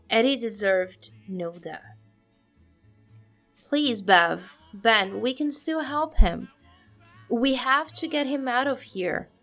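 Slow, somber woman reading a story. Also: mid-range voice, fairly bright tone. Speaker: story reader. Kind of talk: dramatic reading of fan fiction.

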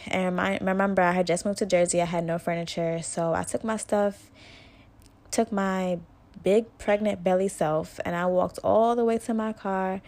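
A woman's voice: lowish voice, a little mellow. A young woman hosting her own podcast, telling a personal story in a candid, conversational way and speaking straight to her listeners. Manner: candid and conversational, full of "like" and "y'all". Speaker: podcast host.

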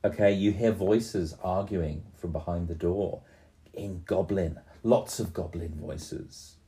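A man in his fifties narrating a tabletop game for a small child in a slow, gentle storytelling voice, often pausing to ask her questions. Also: deep voice, steady tone. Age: 50s. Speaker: game master.

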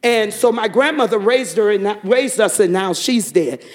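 Before a church congregation, a man gives a fervent testimony, telling a story and breaking into shouted praise. His voice sits high and moves at a moderate pace.

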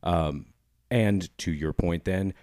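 A man co-hosts a podcast in easy conversation, often agreeing and then building on the point in a thoughtful way. His voice is very deep. The recording is dry and close-miked. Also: takes it slowly, a little mellow, no room sound. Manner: agreeable, thoughtful, frequent affirmations. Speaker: podcast co-host. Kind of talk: casual podcast chat.

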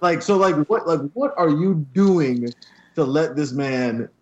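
A man with a somewhat high voice rants excitedly through a casual movie review. He piles on filler words as he talks. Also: a little slow, highs cut off. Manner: excitable, ranting, many "I mean" fillers.

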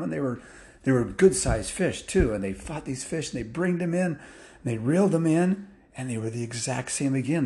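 A man telling a story in a loose, casual way, with restarts and fillers, picking up excitement as the action builds. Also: mid-range voice.

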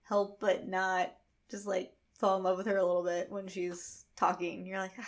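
Woman, thirties, podcast co-host, casual chat, animated storytelling, many fillers, mid pitch. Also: normal speed.

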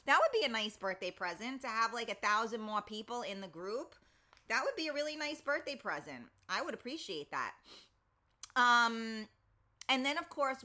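A woman hosting a live online talk show, chatty and lively, laughing easily as she greets listeners. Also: on the high side. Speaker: host.

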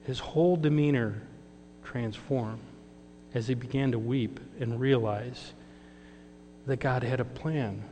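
A man's voice: mid-range voice, takes it slowly, pauses often, dark tone. Man, sermon testimony, storytelling, reverberant hall, faint mains hum. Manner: storytelling, acts out quoted dialogue. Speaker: lay speaker giving testimony.

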